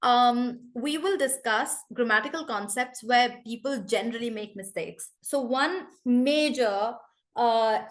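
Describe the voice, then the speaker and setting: A woman teaching English in an online class over a video call, brisk and chatty, calling on students by name. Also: on the high side.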